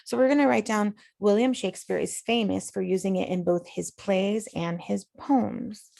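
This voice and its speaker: Woman teacher doing a recorded lesson, bit of vocal fry, dry close sound, explains things patiently. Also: medium pitch, fairly even intonation, normal speed, mellow, no room sound. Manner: patient, explanatory, talks students through steps. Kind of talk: recorded online lesson walkthrough.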